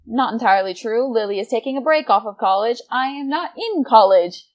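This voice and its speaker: A woman's voice: fairly high pitch, animated, a little fast, dull audio. A woman in her twenties telling a gaming story casually and with energy, swearing freely and breaking into laughter. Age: 20s. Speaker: gaming vlogger.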